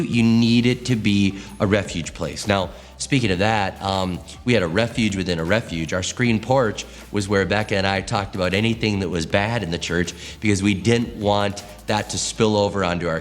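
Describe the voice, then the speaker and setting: A man, a pastor, giving a teaching talk to church leaders, telling stories expressively and acting out quotes. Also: on the low side. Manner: expressive, animated storytelling with acted quotes.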